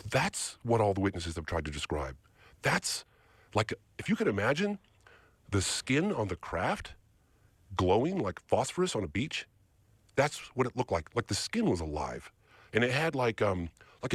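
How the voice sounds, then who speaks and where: Husky, animated man telling a story. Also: on the low side, dry recording. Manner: acts out other people's lines in quotes. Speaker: podcast guest.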